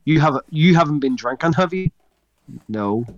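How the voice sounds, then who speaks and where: A man's voice: a little high, brisk, dry recording. Man, casual podcast co-host, rambly and sweary, dry dull-sounding recording. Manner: rambling, sweary, laughs mid-sentence. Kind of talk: casual storytelling chat.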